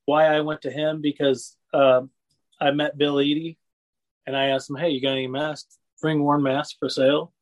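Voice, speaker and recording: Speaking at normal speed in a level tone, this fairly high-pitched man is heard on a rough recording. His talk is a casual, rambling trip through wrestling memories, full of laughs and "you know what I mean."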